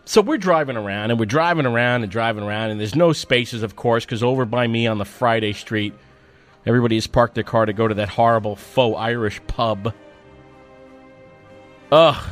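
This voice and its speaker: A man hosting a radio show, telling a story in a wry, self-mocking monologue, swearing freely and swinging between loud outbursts and quiet mutters. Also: medium pitch, normal speed, soft background music. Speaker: radio host.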